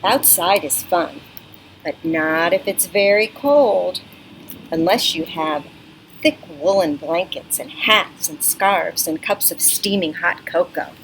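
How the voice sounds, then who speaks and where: Speaking slowly in a fairly low voice, this librarian reads a picture book to kids on a porch, animated, coaxing and teacherly. It's a children's storytime caught on a computer webcam, rough in quality, with slight background noise and sounds of the neighborhood around her.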